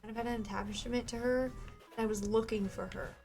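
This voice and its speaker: A woman's voice: fairly high pitch, steady tone, brisk, creaky, a little mellow, faint music behind. A woman in her twenties, a game streamer chatting casually with her live viewers in a rambling way, full of "like" fillers.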